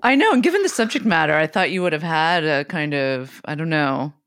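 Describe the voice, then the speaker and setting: A woman co-hosting a casual podcast chat, with quick, amused interjections. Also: sits low, animated, fairly bright tone, clean tone. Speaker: co-host.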